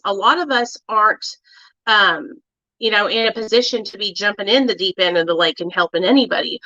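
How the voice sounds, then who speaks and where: A woman's voice: medium pitch, pushed and bright, dry recording. A woman hosting a casual livestream, chatting directly to her viewers with lots of fillers. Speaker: livestream host. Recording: dull, dry lo-fi sound.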